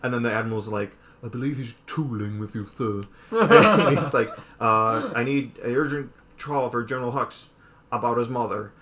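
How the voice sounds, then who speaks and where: A man's voice: mid-range voice, lively intonation, a bit bright. Brief: man, casual co-host, rambles through a movie plot with lots of "like" and little voiced quotes. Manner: rambling retelling full of "like" and quick put-on quotes. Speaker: podcast co-host. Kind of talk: casual chat.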